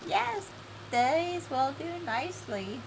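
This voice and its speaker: Fussy female game trader, slow and prim, lively pitch, voiced by a woman streamer; noisy home recording. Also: gravelly, heavily acted. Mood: pleased.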